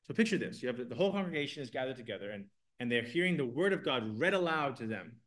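A man's voice: mid-range voice, animated, fast talker, hardly any pauses, a bit bright. A man teaching an evening Bible class, reading scripture and explaining it earnestly, asking his class questions.

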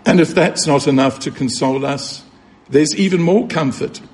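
A man's voice: a little high, moderate pace, darkish tone. Earnest male preacher, emphatic delivery. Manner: earnest, emphatic, with rhetorical questions and repetition. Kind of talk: sermon.

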